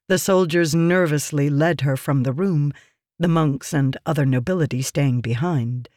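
A man narrating a fantasy audiobook in a measured, even reading, close to the mic. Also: fairly high pitch, no echo.

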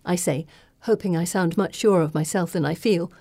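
A woman narrates a first-person story with an expressive, dramatic reading. Her voice is warm and mellow, recorded dry and close with no room sound. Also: fairly low pitch, brisk, no echo. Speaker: audiobook narrator.

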